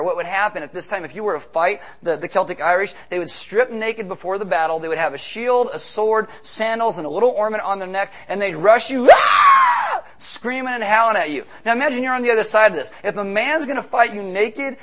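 High-voiced, animated male preacher. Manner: animated, joking asides. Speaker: pastor. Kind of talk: sermon. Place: church stage with slides.

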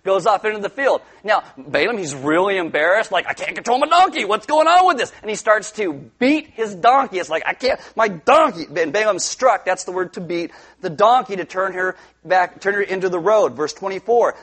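A middle-aged man delivering a sermon in a fairly high voice. He tells the story with humor, slipping into playful voices for the characters and asking the congregation questions. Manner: animated storytelling, acting out characters with funny voices. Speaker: pastor.

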